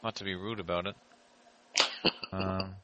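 A man's voice: mid-range voice, normal speed, a crowd in the background. A man hosting a casual live-stream chat, dry and teasing. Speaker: host. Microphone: online audio chat.

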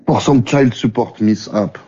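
Swiss French man, low, warm, halting; muffled lo-fi audio. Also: husky. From French-speaking Switzerland. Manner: halting, repeats words as he searches for them. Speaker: returning guest. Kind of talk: casual chat.

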